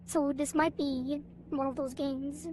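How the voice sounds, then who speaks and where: High-voiced woman streamer, chatty and giggly, casual live-stream talk, faint music behind. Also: flat delivery, unhurried, a little mellow. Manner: chatty, giggly, rambling with playful sound effects.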